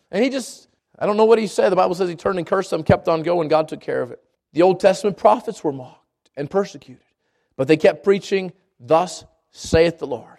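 A man with a high voice preaching an impassioned sermon. He surges upward when stressing a point and sinks low and quiet when he prays. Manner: impassioned, rises high for emphasis then drops to a hushed prayer. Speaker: pastor.

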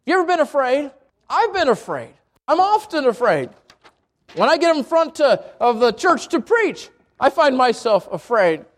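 High-voiced man preaching a sermon. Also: normal speed. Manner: animated storytelling, acts out voices. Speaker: pastor. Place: church. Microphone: handheld or wireless microphone.

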